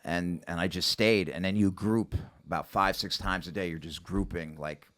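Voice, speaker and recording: A man's voice: low-pitched, moderate pace. A man telling his own story as a podcast guest, casually and with lots of fillers, acting out what other people said. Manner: animated, acts out quoted voices, many fillers.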